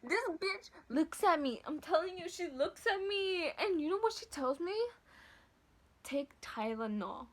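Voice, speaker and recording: A young woman vlogger telling a story to camera in a casual, slangy, heavily profane and animated way. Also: extremely high pitch, normal speed, hardly any pauses. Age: late teens to early 20s.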